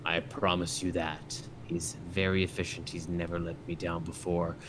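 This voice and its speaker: A man doing a tall, half-drunk official who owns every room he walks into, with a deep, low voice. He drags his words out slowly and drops into menacing half-whispers. It plays like a tabletop game scene with a faint hiss behind it. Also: level tone, lightly acted. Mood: smug.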